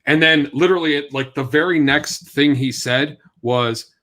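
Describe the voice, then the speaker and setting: A man's voice: on the high side, normal speed, pushed and bright. A man co-hosting a sports talk show, mostly chiming in with short agreements and questioning the team's bosses. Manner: short agreeing interjections, then incredulous.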